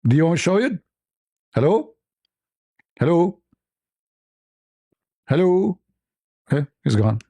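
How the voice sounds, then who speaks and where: A man with a fairly high voice gives sarcastic commentary on his own. He sounds mocking and disbelieving, and he keeps repeating his points. It is a dry, close recording with no room sound. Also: dark tone, no room sound. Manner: mocking, incredulous, repeats himself, laughs at the text. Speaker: online commentator.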